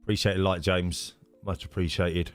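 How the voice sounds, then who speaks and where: A man's voice: deep voice, flat delivery, normal speed, clean tone, soft background music. A man hosting a live stream of a racing league, chatting casually and greeting viewers by name with lots of fillers.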